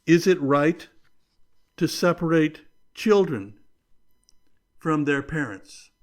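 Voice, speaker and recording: A man hosts a leadership podcast in a slow, carefully paced delivery. His voice sits a little high for a man, and he leans hard on key words and lets them hang between pauses. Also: lively intonation. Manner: slow, deliberate, emphatic with measured pauses. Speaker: podcast host. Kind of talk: scripted leadership commentary.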